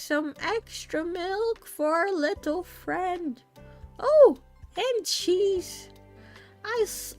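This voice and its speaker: A woman voicing a kindly, doting old grandmother in a game, in a slow, fond, sing-song manner. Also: very high voice, a bit bright, pitched above the performer's own voice, exaggerated voice.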